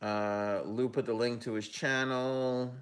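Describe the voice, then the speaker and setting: This hockey analyst hosts a live talk stream in a steady, mid-range voice at a slow pace. He talks casually, gives his picks, and reads viewer comments out loud, peppering his speech with ums and self-corrections.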